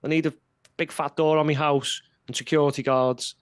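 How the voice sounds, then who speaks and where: A man putting on the voice of a whiny, offended male politician, mocking and shrill. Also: level tone, moderate pace, clear, resonant tone, no room sound, studio quality, lightly acted. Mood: mocking whine.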